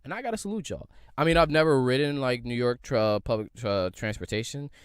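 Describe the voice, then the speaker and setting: A man's voice: mid-range voice, brisk, smooth, no room sound, studio quality. A young man from the area, hosting a solo podcast in a loose, profane, rambling rant full of rhetorical questions. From Philadelphia area. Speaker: podcast host.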